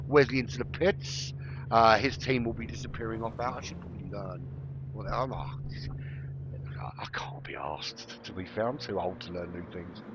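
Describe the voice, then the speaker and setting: On a muffled, very noisy recording, a middle-aged London man with a London accent commentates on a sim race by himself. His voice is on the low side and steady in tone, his pace brisk, and he rambles chattily with joking digressions.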